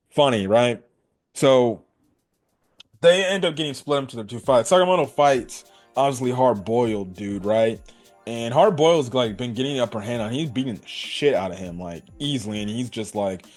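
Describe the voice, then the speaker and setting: A man's voice: mid-range voice, a little mellow. A young man reviewing an anime episode in casual chat. He swears freely, laughs often, and acts out quotes from the characters. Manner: loose and profane, with frequent laughs and acted-out quotes.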